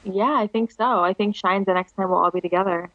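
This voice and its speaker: A young woman in her twenties chatting as a podcast guest, animated and quick to laugh. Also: medium pitch, no echo. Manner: giggly, animated storyteller, laughs often. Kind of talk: casual podcast chat. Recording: dull lo-fi dry sound.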